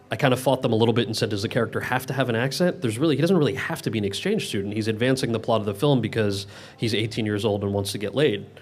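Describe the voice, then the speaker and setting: Fast-talking man at an audience Q&A. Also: fairly low pitch, a little mellow. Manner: talks fast with many quick restarts. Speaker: actor answering audience questions. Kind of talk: casual Q&A answers.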